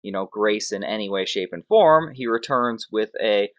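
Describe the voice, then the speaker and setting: A man hosting a fantasy sports show, talking in a loose, sarcastic rant. His voice sits somewhat low. The recording sounds dull and lo-fi. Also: normal speed. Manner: animated, sarcastic, ranting. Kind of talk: casual sports commentary.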